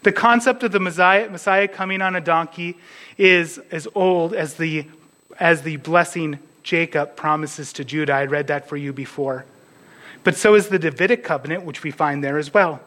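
A man's voice: on the high side, moderate pace, sharp tone, rough recording. A man preaching a conversational sermon as pastor, dropping to a near whisper at tender moments.

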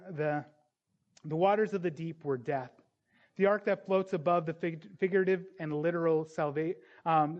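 High-voiced man preaching a sermon. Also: highs cut off. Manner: storytelling, animated voices in retold scenes.

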